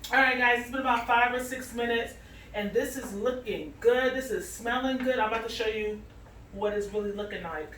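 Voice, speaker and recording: A high-pitched woman chats playfully while she cooks. She talks straight to her viewers, a little away from the mic in an echoey kitchen, with music behind her. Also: moderate pace, a bit bright, distant mic, a little hiss or hum. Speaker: cooking vlogger. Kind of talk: casual cooking chat. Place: home kitchen.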